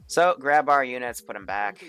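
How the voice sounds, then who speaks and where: A man's voice: mid-range voice, lively intonation, moderate pace, fairly bright tone, clean tone. A man running a multiplayer military game session, thinking aloud in an offhand way and swearing casually. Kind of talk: casual gameplay commentary.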